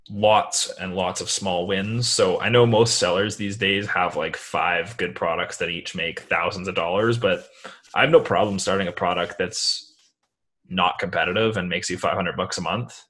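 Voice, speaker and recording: A man with a deep, low voice talks through his answers in a relaxed interview. His delivery is loose and meandering, full of casual fillers. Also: measured pace. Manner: relaxed, rambling, many "like" fillers. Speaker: guest, online seller.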